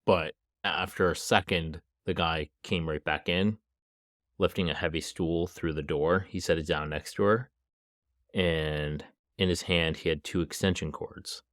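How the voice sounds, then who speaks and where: A man's voice: deep voice, steady tone, measured pace, fairly bright tone, no echo, clean studio sound. A man hosting a podcast, retelling a true crime story casually with frequent "like" and small laughs. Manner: casual, laughs between lines, lots of "like". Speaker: podcast host.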